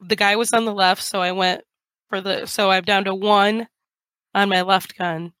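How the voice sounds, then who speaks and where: A woman's voice: medium pitch, flat delivery, moderate pace, fairly bright tone, no echo. A woman playing a tabletop game, casual and joking. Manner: joking, playful. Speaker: player.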